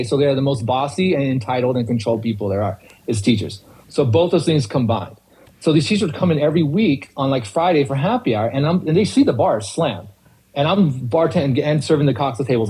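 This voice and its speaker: Fast-talking husky-voiced man. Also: fairly high pitch, low-quality recording. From California. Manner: animated, rants with acted quotes. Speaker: podcast guest. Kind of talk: casual chat.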